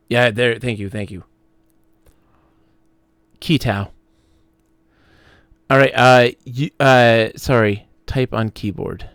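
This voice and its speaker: Gravelly, jokey male game streamer. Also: medium pitch, fairly bright tone, no echo. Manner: jokey, easily laughing, rambling. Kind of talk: casual joking chat during a gameplay stream.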